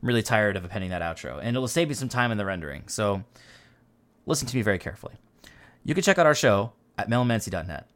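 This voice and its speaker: A man's voice: on the low side, animated, fast talker, fairly bright tone. A man hosting a podcast, talking in a rambling, casual way, with lots of fillers and offhand swearing. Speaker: podcast host. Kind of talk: casual chat.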